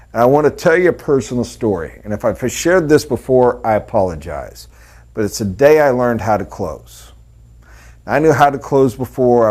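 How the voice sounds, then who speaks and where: A man's voice: mid-range voice, darkish tone. Folksy middle-aged man with Texas accent. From Texas and Oklahoma. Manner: folksy storytelling, acts out customers' voices. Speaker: sales trainer. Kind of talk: sales training talk.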